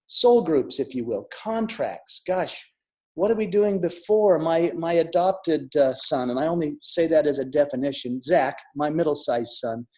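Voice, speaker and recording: A middle-aged man telling a personal story in an earnest, reflective way, with restarts and soft drops in volume. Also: a little high. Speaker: speaker sharing a near-death experience. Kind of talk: personal storytelling talk with audience questions. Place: online summit talk.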